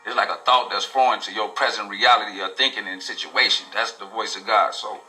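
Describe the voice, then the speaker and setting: A man's voice: lowish voice, steady tone, fairly quick, pushed and bright, slight background noise, rough recording. A man telling his own life story in a casual, profane, rambling way, full of street slang. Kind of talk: casual personal testimony.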